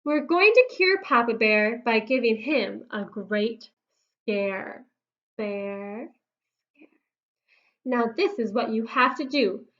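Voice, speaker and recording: A woman voicing a sensible mother bear who gives brisk rhyming instructions in a storybook read-aloud. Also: fairly high pitch, expressive, dull audio.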